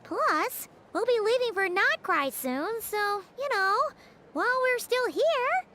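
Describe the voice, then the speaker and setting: A woman voicing a hyper, excitable young friend in a game, bouncy and full of exclamations. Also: very high-pitched, slow pace, a little hiss or hum, exaggerated voice. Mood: excited. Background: game music.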